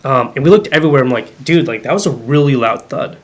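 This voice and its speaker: A man's voice: mid-range voice, fast talker. A young man, a podcast guest, telling a family ghost story in casual chat, full of "like" and "um" and acting out the dialogue he quotes. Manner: animated, acts out quoted dialogue; many fillers like "like" and "um".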